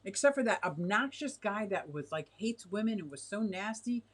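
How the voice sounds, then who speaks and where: A bubbly middle-aged woman hosts a relaxed home livestream, reading out and answering viewer comments. She talks in a chatty, giggly way that drifts between soft asides and excited exclamations, with a voice of middling pitch. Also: moderate pace. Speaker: livestream host reading chat. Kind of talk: casual livestream chat. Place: home fish room with tanks.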